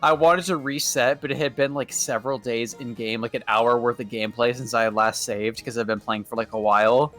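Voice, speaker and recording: A man's voice: medium pitch, fairly even intonation, brisk, few pauses, a bit bright. A young man chatting casually on a stream, telling stories animatedly, laughing a lot and saying "like" often. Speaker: guest on stream. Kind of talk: casual chat.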